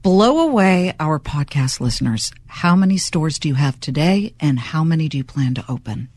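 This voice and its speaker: A woman hosting a podcast interview, asking questions with quick, enthusiastic reactions. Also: deep voice, expressive, a little mellow, no echo. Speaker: podcast host.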